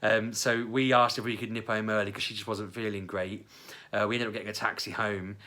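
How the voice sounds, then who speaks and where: A man's voice: little pitch movement, brisk, pushed and bright. A young British man telling funny stories about himself in a casual vlog, acting out what people said with big jumps in his voice. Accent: British English. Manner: chatty, self-mocking, acts out quotes with big pitch jumps. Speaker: vlogger. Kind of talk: casual storytelling.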